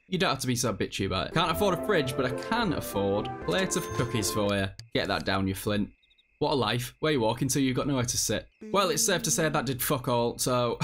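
A man's voice: medium pitch, fairly bright tone. Laughing, swearing gameplay commentator man. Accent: non-American English. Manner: chatty, self-mocking, swears freely, laughs often. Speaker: let's play host.

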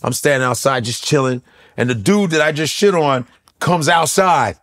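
A man's voice: fairly high pitch, lively intonation, moderate pace, fairly bright tone. A middle-aged male comedian telling a profane, punchy story, acting out the people in it as he goes. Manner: acts out the people in his stories, profane and punchy. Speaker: comedian guest. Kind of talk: animated storytelling.

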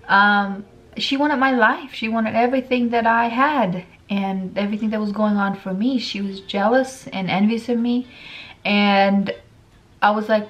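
A woman's voice: medium pitch, rough recording. Chatty woman vlogging over faint music. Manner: chatty, emphatic, repeats points. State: eating while talking. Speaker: lifestyle vlogger. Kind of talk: casual opinion vlog.

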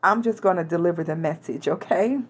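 A woman's voice: fairly low pitch, a little fast, husky. Chatty woman giving a tarot reading. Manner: chatty, laughs now and then, hesitant restarts. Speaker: tarot reader. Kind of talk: casual tarot reading to camera.

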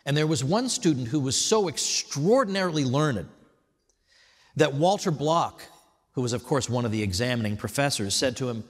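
A man giving a prepared tribute speech at an event, telling stories in a wry, animated way. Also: mid-range voice, normal speed, slightly rough, in a large hall. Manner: wry, animated storytelling with mock voices. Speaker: speaker at an institute event. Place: hotel event hall.

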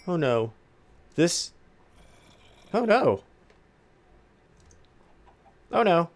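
With slight background noise behind him, a let's-play gamer speaks unhurriedly in a medium pitch and pauses often. He chats playfully with his pet pig, hums, and excitably squeals and gasps whenever something alarms him.

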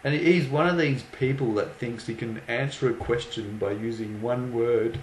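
A man's voice: mid-range voice, moderate pace. A young man casually telling a story, amused and mocking, often breaking into laughter. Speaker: vlogger. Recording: echoey room with faint background noise.

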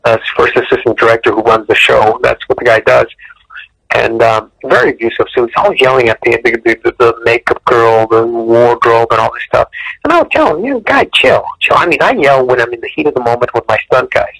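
A man telling stories from his film career in a casual interview, animated, often repeating words and clearing his throat. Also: brisk, no room sound, low-quality recording. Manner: animated storyteller, acts out quotes with sudden high bursts. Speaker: martial arts director and choreographer, guest.

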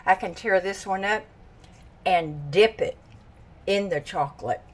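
Brief: older woman, home vlogger, unhurried and folksy, tired, mid-pitched. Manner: chatty, folksy, exclaiming often. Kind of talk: casual chat to camera. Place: home kitchen.

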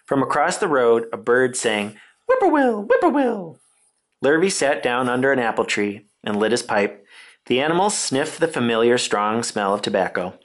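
Guy reading a kids story out loud, gentle, lots of ups and downs. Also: mid-range voice, expressive, moderate pace. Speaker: reader.

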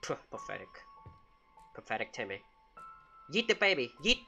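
Jokey, bright-voiced man gaming. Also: mid-range voice, sing-song, normal speed, gravelly, soft background music. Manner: jokey, exclaims and talks back to the game. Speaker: gamer. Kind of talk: casual gameplay commentary.

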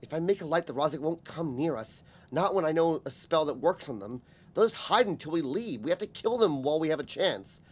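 A man's voice: a little high, lively intonation, fairly quick, a little mellow, breathy edge. A man reading an audiobook, voicing a commanding young male dragon rider in urgent, raised tones. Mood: tense.

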